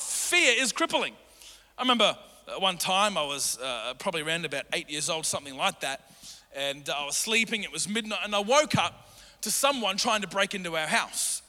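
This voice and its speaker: Bright, high-voiced energetic preacher man. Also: normal speed. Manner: energetic, builds to emphatic repeated commands. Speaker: pastor. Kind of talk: sermon. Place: church hall. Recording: long hall reverb.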